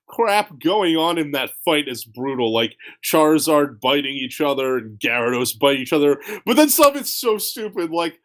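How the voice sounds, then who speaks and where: Excitable guy in his 20s joking around on a podcast, kinda high voice, laughs a lot. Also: moderate pace, hardly any pauses. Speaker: podcast co-host. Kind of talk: casual chat.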